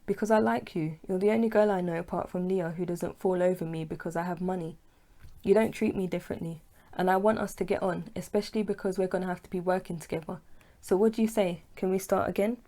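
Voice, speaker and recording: A woman's voice: on the low side, steady tone, fast, warm tone, close to an everyday voice. A woman reading as a smug, pushy young man. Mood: persuasive.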